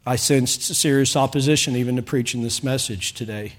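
A man preaches in church with a middle-pitched voice, speaking to the congregation in front of him. He is fervent and rises to loud, pleading calls at the high points of the sermon. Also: brisk. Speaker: pastor.

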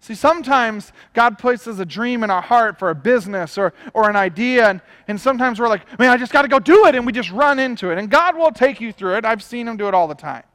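High-voiced man preaching in a reverberant hall. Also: expressive, fairly quick, hardly any pauses, fairly bright tone. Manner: emphatic, repeats phrases. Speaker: pastor. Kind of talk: sermon.

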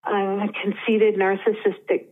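A woman calling in over a thin, phone-like line. She speaks in a halting, earnest way, repeating difficult phrases slowly as part of a coaching exercise. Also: mid-range voice, little pitch movement. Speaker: caller.

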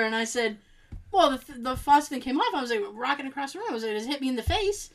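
A woman telling a long story in casual chat, animated and laughing as she acts out what people said. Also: high-pitched, quick pace, a little hiss or hum, low-quality recording.

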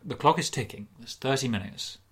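A man co-hosting an improvised comedy podcast, running the scenario in a dry, deadpan way. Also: medium pitch, brisk, breathy edge. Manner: deadpan, dry, setting up absurd twists.

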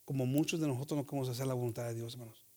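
A man's voice: medium pitch, steady tone, dark tone. A male pastor preaching a bilingual sermon, switching languages and repeatedly addressing the congregation as brothers. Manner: switches between English and Spanish, often calls out "hermanos"; reads scripture slowly and deliberately.

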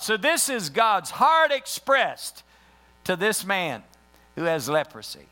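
A man preaching a sermon in a high, bright voice. He takes his time, reading scripture and repeating key phrases. A low mains hum sits under the recording. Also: big pitch swings. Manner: reads and repeats scripture verses slowly.

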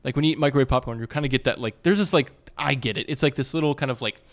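A man's voice: medium pitch, very fast. A man in his thirties co-hosting a podcast, rambling and telling stories with lots of fillers. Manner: rambling, filler-heavy, animated storytelling. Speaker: podcast co-host. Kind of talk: casual chat.

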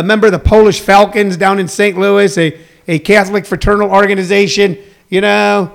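A man's voice: sits high, gravelly, fairly bright tone. A middle-aged man hosting a talk show, delivering a chatty, rambling monologue full of folksy asides.

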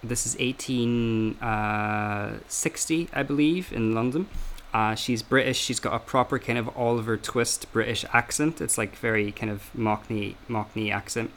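A man's voice: mid-range voice, fairly even intonation, a little slow, hardly any pauses, fairly bright tone, a little hiss or hum. A man hosting a casual podcast chat, explaining at length with many hesitations and fillers. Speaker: podcast host.

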